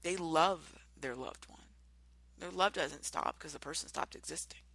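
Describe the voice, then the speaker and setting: Earnest male advice host, gravelly bright voice, dry close sound. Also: fairly high pitch, normal speed, dry recording, rough recording. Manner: earnest, pleading, demonstrates soft murmuring. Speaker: podcast host. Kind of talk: advice monologue.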